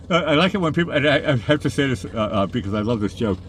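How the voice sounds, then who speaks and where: A man's voice: mid-range voice, lively intonation, fast talker, slight background noise. A man co-hosting a casual live stream from a beach jetty, joking and giggling easily. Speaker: livestream co-host.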